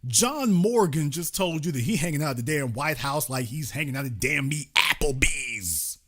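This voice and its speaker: A man hosting a live commentary show, ranting in a sarcastic, mocking, profane way, with fast bursts and slow, drawn-out emphasis. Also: a little high, lively intonation, a bit bright, breathy edge. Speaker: political commentary host.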